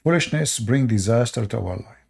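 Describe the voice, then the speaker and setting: A man's voice: medium pitch, animated, normal speed, vocal fry, darkish tone, slightly rough. A man hosting an online channel, lecturing viewers in non-native English, repeating short commands and asking rhetorical questions. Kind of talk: preachy advice monologue to viewers.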